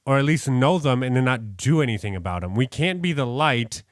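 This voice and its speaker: A man's voice: mid-range voice, animated, a little fast, no echo, clean studio sound. A man from New York co-hosting a podcast, talking through a Bible passage in an earnest, rambling way with many restarts. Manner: rambling, self-correcting, earnest. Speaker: podcast co-host. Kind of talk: casual Bible study chat.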